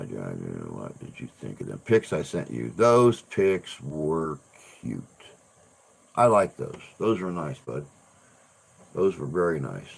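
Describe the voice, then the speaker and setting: A man's voice: low voice, creaky. A man hosting a casual livestream chat, rambling and restarting his sentences, with the odd swear word. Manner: rambling, repeats words, swears. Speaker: livestream host.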